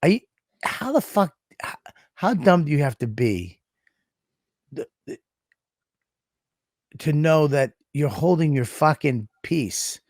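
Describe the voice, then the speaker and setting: A man's voice: fairly high pitch, sing-song, takes it slowly, long pauses, darkish tone, no echo, clean studio sound. A man co-hosting a podcast in casual chat, profane and rambling with frequent restarts. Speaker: podcast co-host.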